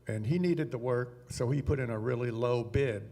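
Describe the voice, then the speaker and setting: A man tells a long joke at a church service, narrating it in a folksy, storytelling manner. His voice is mid-pitched and ordinary. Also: moderate pace, dark tone. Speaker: congregation member telling a joke. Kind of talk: joke telling.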